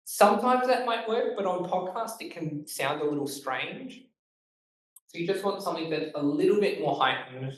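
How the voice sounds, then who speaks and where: A man with an Australian accent giving a casual talk on making podcasts, talking quickly with lots of fillers and stressed words. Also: high voice, expressive, slight background noise. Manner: fast-talking, emphatic, loose with fillers. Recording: echoey room, voice from far off.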